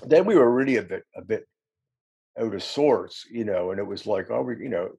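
Gravelly low-voiced man telling band stories. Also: animated, moderate pace, dark tone. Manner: rambling storyteller, self-deprecating, laughs often. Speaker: musician guest. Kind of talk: casual anecdotal interview.

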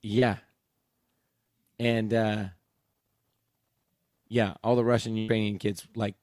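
Animated man telling stories, dry sound. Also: slow pace, pauses often, no room sound. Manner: animated storyteller, jumps high when quoting others. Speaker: podcast co-host. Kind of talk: casual chat.

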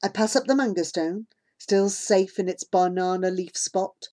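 A woman narrating a children's novel in first person as an audiobook, calm and measured. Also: medium pitch.

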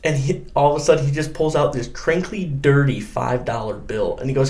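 A man's voice: mid-range voice, brisk, hardly any pauses. A young man from Michigan telling a story in a casual podcast chat, acting out the quotes of other people. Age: young adult. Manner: animated storyteller, acts out quotes. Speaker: guest angler.

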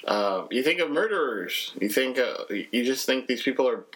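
Young male podcast host, mid-pitched, candid and rambling. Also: lively intonation, normal speed, a bit bright, rough recording. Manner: rambling, many restarts, candid. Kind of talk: casual podcast chat.

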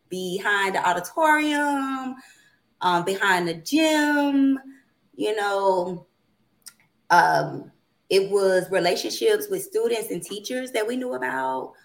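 A woman's voice: fairly high pitch, animated, takes it slowly, vocal fry. Matter-of-fact woman panelist. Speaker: panelist and parent of a teen. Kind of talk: casual panel chat.

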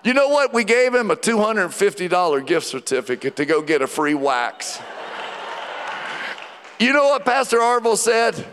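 A man with a notably high voice preaches a sermon, spinning a funny story with growing excitement. His voice rings out with a long hall reverb from a large church auditorium. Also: moderate pace, a little hiss or hum. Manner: storytelling with rising excitement and joking asides. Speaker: pastor.

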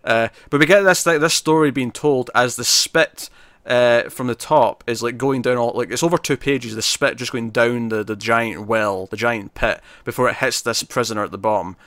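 A man hosting a casual comic book podcast, rambling with quick asides. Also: medium pitch, steady tone, fairly bright tone, no echo, studio quality. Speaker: podcast host. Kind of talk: casual chat.

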